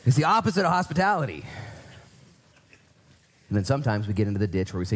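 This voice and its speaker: A man's voice: mid-range voice, very animated, fast. A man preaching a conversational sermon, emphatic, swinging up and down for stress. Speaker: pastor.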